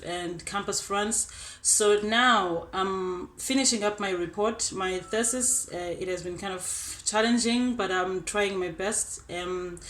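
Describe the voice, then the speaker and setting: A young woman with a South African accent talks through her student experience in a chatty, upbeat way. Her voice sits at an ordinary middle pitch. The sound rings a little, as if recorded in a roomy space. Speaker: exchange student. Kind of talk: casual testimonial. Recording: roomy echo.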